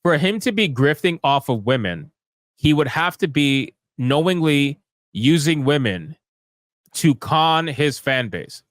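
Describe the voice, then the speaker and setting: A man's voice: a little high, animated, measured pace, a bit bright, dry recording, clean studio sound. A man giving sarcastic, ranting live commentary as a streamer, firing off rhetorical questions. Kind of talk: live commentary reading tweets.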